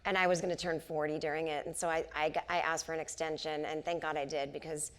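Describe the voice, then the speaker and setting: A woman in her forties tells stories in a relaxed onstage conversation, her voice set a little low. She acts out the people she quotes as she goes, picked up by a stage microphone in a theater. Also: fast talker. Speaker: comedian and author, interview guest. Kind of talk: casual onstage conversation, storytelling. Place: theater stage before a live audience.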